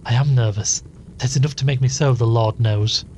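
A man's voice: medium pitch, moderate pace, a little mellow, highs cut off, a little hiss or hum, natural voice. A man voicing a nervous, tearful woman in a read-aloud story, speaking in a wailing, sobbing way.

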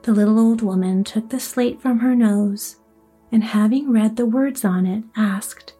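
A woman narrating a children's storybook in a soft voice that often drops to a whisper. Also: a little high, unhurried, breathy edge, faint music behind. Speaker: audiobook narrator.

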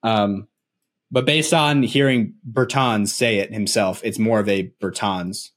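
A man's voice: fairly low pitch, fairly even intonation, a little slow, fairly bright tone. A man from Nebraska co-hosting a casual basketball podcast, rambling along and laughing easily. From Nebraska, USA. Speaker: podcast co-host.

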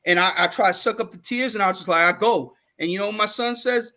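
A man's voice: high voice, fast talker. A man co-hosting a podcast, talking earnestly and emphatically in casual discussion. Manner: earnest, emphatic, gets loud and fired up. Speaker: podcast co-host.

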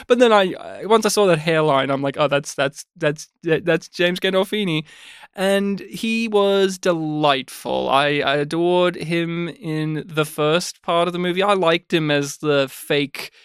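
A man co-hosting a film review podcast in casual chat, animated and digressive. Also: on the high side, smooth, dry recording, studio quality. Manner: animated, digressive, acts out scenes in quick put-on voices. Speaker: podcast co-host.

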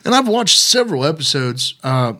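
Dude telling a wild roommate story, swears a ton, kinda high voice. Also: male voice, moderate pace. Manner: profane, animated storytelling. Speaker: podcast co-host. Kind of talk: casual chat.

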